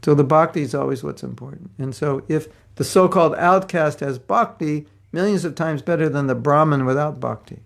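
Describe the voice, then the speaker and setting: This spiritual teacher talks fairly quickly with few pauses, his slightly high voice marked by vocal fry. In a class setting he gives a devotional lesson, storytelling and acting out the voices of the people involved.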